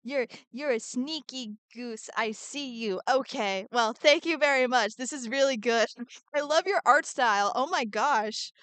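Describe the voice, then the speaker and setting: A woman's voice: high-pitched, animated, normal speed, fairly bright tone, clear, resonant tone, no room sound. A woman streaming as she draws, chatting in a bubbly way, answering her chat and muttering to herself as she works. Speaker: art streamer. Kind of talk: casual live-stream chat while drawing.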